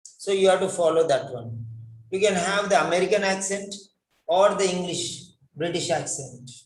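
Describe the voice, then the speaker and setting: A man's voice: high-pitched, moderate pace. A man teaching English pronunciation, repeating words over and over to model how they should sound. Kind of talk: classroom lesson on pronunciation. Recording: echoey room.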